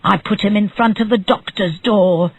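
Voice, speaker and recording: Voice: medium pitch, moderate pace, slightly rough, no room sound, low-quality recording. An audiobook narrator voicing a desperate male fish seller confessing urgently in a storybook reading.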